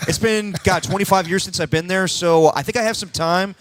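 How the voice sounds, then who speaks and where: A man's voice: high voice, a little fast. A man co-hosting a sports radio show, easygoing and laughing along. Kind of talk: casual radio chat.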